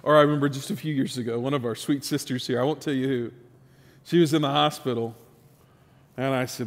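Pastor preaching in a reverberant church. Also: male voice, mid-range voice, brisk. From Texas, USA. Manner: storytelling, animated, with rising emphasis and restarts. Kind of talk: sermon.

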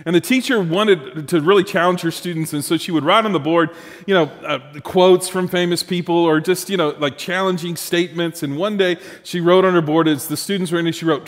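A man's voice: a little high, big-room sound. A man preaching a sermon as pastor, conversational and humorous, with asides to the congregation.

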